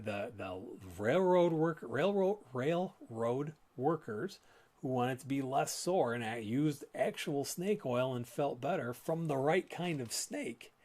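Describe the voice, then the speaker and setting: A man's voice: mid-range voice, darkish tone. Man explaining lung health, casual and plain. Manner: conversational, explanatory, with frequent restarts. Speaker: respiratory therapist and show host. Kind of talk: live educational talk.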